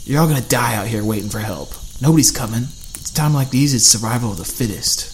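A man's voice: mid-range voice, fast, slight background noise, close to an everyday voice. A man voicing a big, burly man who is sarcastic and snarling as he walks out on the group. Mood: harsh.

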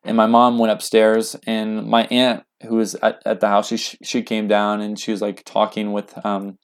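Young male guest, slightly low voice, earnest, halting delivery with many fillers. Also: monotone, clear, resonant tone. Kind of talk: casual spoken storytelling.

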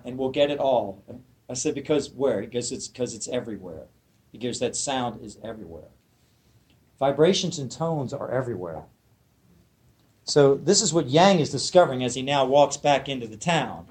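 A man's voice: mid-range voice, a little mellow. Man telling a teaching story. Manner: storytelling, asks the listeners questions, acts out quotes. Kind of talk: spoken dharma talk to a small group.

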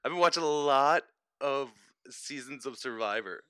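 A young man, a podcast guest on a video call, easygoing and quick to laugh. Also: medium pitch, fairly bright tone, smooth, dry recording, clean studio sound. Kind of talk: casual video chat.

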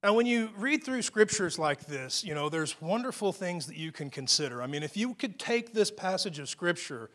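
A man's voice: sits high, lively intonation, moderate pace, few pauses, fairly bright tone. A male pastor giving a sermon in a conversational way, with frequent restarts and casual asides.

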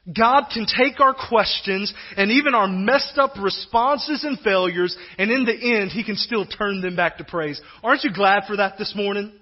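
A male pastor with a high-pitched voice delivers a lively, conversational sermon and slips into quoted voices as he goes. The recording sounds a bit muffled. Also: moderate pace.

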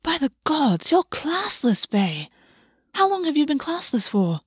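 An insistent, petulant male fae, as a woman reads him, his voice pitched up and pressing. He demands answers sharply in a storybook reading. The sound is close and dry. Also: big pitch swings, unhurried, no room sound. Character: sharp-tongued, wary young male fae. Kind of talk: audiobook character reading.

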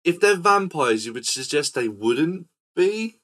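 A man hosting a casual film podcast, retelling scenes in a rambling, animated way. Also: a little high, a little slow. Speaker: podcast host.

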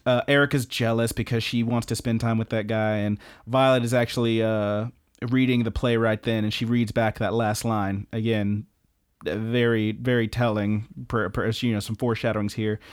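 A man's voice: medium pitch, level tone, normal speed, clean tone. A man co-hosting a podcast, casually recapping episodes in a rambling, profane way and laughing often. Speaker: podcast co-host.

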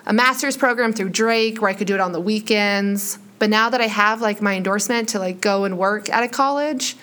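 A woman in her late twenties, a high school teacher, chatting casually on a podcast in a classroom, peppering her talk with "like.". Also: brisk, fairly bright tone. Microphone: headphone microphone.

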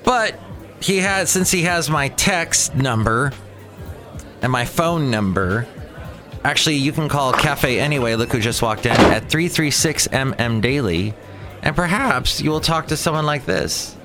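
A man's voice: mid-range voice, animated, measured pace, music in the background. Goofy rambling podcast host, man. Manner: goofy, digressive, sings and shouts bits.

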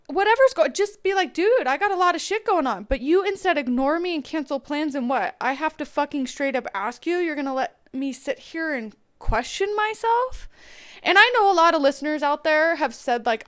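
A woman host venting bluntly and profanely about a man who let her down, in a confessional rant. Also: high voice. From Irish heritage. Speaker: podcast host.

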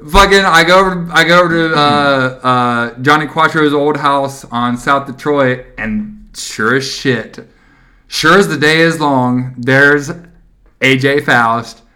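A man in his thirties co-hosts a casual podcast from a small home studio. His voice is bright and forward, and he rambles through a profane story, jumping into other people's voices as he tells it. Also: mid-range voice, slow. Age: 30s. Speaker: podcast co-host. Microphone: studio mic.

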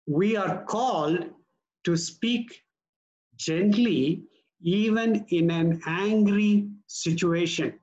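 A man preaching a sermon as pastor, earnest and measured, slowing down to stress key words. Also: sits high, a little mellow, lo-fi sound.

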